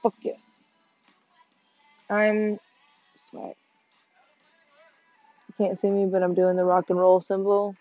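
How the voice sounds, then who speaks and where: A woman's voice: mid-range voice, flat delivery, slow pace, long pauses, no echo. A woman co-hosting a gaming chat, chatty and playful, rambling casually as she talks. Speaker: co-host. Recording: tinny phone-like dry mic, faint music.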